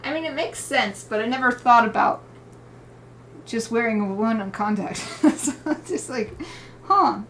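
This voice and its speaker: An expressive, slightly high female voice, a little slow, comes through with slight background noise. She's an artist live-streaming her drawing session, casually walking viewers through each coloring step. Chatty and upbeat, she greets them warmly and laughs often.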